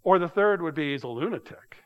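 A man teaching a casual Bible study in a conversational, halting way, often restarting and repeating words. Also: a little high, animated. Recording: dull sound with long hall reverb.

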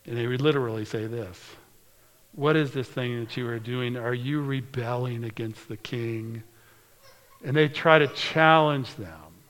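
A man preaching a sermon, reading scripture aloud in an earnest way and slowing down or dropping to a hushed whisper for emphasis. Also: medium pitch. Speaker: pastor. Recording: long hall reverb.

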